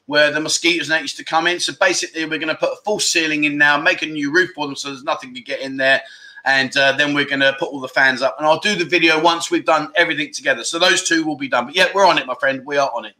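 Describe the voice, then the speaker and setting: This is a middle-aged man, chatting on a casual livestream. His voice is very bright and sits a little high for a man. He teases his viewers and restarts his sentences often. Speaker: livestream host.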